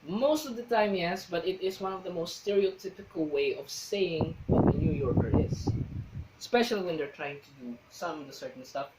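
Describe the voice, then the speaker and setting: Rambling vlogger man, slightly higher voice. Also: lively intonation, normal speed, very noisy. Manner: rambling, searches for words. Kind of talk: casual explaining to camera.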